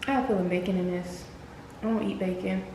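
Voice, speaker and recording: A woman's voice: mid-range voice, fairly even intonation, fast, a little mellow. A young woman telling a casual storytime to her viewers, chatty and slangy, often calling them "y'all.". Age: young adult. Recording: echoey room with faint noise.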